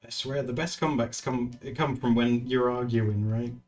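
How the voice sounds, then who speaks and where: A man's voice: medium pitch, fairly even intonation, normal speed, a little mellow. A man chatting casually on a live stream, laughing often and retelling stories. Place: indoors at home. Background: faint music.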